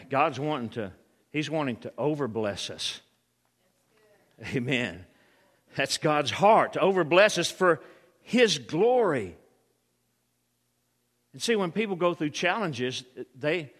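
A man preaching a sermon, acting out reactions with sudden shouts. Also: mid-range voice, long reverb tail.

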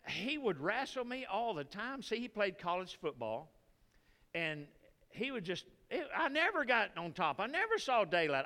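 A man with a Texan drawl delivers a sermon in a bright, forceful voice pitched a little high. He mixes scripture with folksy stories in an animated way. The sound carries the long reverb of a church hall. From Texas. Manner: animated, folksy preaching with storytelling. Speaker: pastor.

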